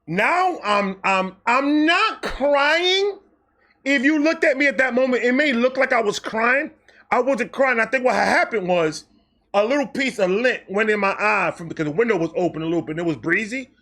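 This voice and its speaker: A man with a high-pitched voice tells a comedic storytime monologue. He is animated and profane, jumping into quoted voices as he goes. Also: brisk. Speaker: storytelling host.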